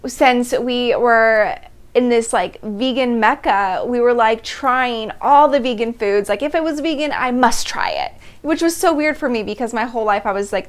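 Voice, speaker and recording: A woman in her thirties hosting a personal storytelling monologue, animated and laughing between phrases as she acts out her past reactions. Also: on the high side. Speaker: host.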